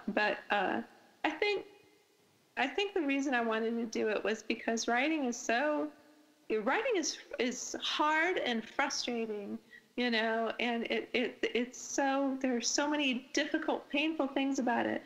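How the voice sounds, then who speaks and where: A woman's voice: fairly high pitch, measured pace, creaky, poor audio. A woman author, a guest on a podcast interview, chatting casually and enthusiastically, with lots of fillers and restarts. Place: podcast recording.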